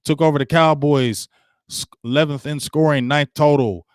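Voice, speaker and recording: Slangy, fired-up sports talk host. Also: male voice, normal speed, smooth, dry recording, clean studio sound. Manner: animated, slangy, repeats himself, rises in pitch when fired up. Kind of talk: casual solo sports commentary.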